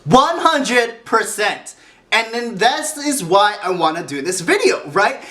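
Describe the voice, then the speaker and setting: Commentator, man, chatty and checking in, high and bright voice. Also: very animated, slow, a little hiss or hum. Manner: conversational, stops to ask right?. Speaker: commentator reacting to a podcast clip. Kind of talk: casual commentary.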